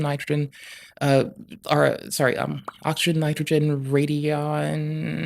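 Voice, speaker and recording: A live streamer ranting in commentary, talking quietly and quickly, with heavy swearing and rambling asides. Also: mid-range voice, creaky.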